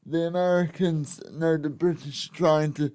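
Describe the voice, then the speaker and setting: A man's voice: fairly high pitch, steady tone, a little slow, a little mellow. A man co-hosting a casual podcast chat, chatty and laughing as he interjects. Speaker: podcast co-host.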